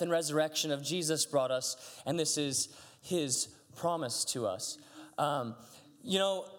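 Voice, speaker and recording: A man's voice: fairly high pitch, a bit bright. A man, a pastor, giving a chatty, conversational sermon, telling stories animatedly with frequent restarts. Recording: long hall reverb.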